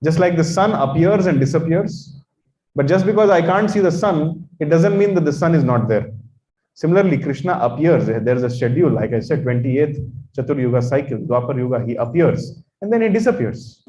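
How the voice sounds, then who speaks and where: A man with an Indian English accent preaches emphatically while teaching a religious course, repeating phrases and breaking into Sanskrit chants. His warm voice is a little high, fairly quick and lively in intonation, heard on an echoey, dull lecture recording.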